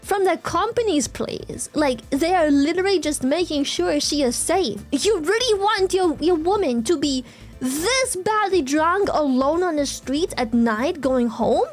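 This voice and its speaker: High-voiced woman ranting on stream. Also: unhurried, faint music behind. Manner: animated ranting, swears freely, reacts to chat. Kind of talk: casual live-stream chat.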